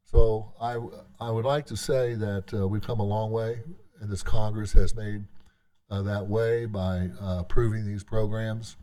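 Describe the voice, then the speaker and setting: Low mellow-voiced guy talking to a tribal legislature off the cuff, lots of trailing off and restarting. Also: little pitch movement. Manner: halting and conversational, trails off and restarts often. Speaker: tribal government leader addressing its legislature. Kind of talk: unscripted address to a legislative session.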